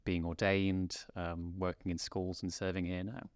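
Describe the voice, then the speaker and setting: Low-voiced man from Derbyshire. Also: flat delivery, moderate pace, no echo, clean studio sound. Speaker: podcast co-host. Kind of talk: casual podcast chat.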